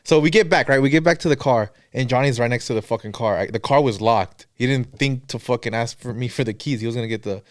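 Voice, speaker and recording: A man's voice: medium pitch, fast talker, few pauses, no room sound, studio quality. A man co-hosting a podcast, telling a story casually with lots of swearing and acted-out quotes. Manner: profane, animated storytelling with quoted dialogue. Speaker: podcast co-host.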